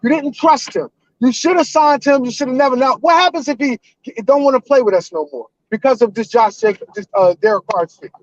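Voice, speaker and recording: A man in his forties calling in to a live show, ranting loudly and emotionally with heavy cursing. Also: very high voice, brisk, hardly any pauses, no room sound, lo-fi sound. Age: 40s. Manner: loud, emotional and profane. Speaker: caller. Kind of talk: heated fan rant on a live call-in show.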